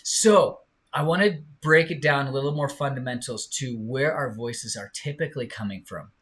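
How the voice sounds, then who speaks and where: In a mid-range, fairly bright voice, a man runs a live online singing lesson, drawing out his encouraging words slowly and singing examples for his students.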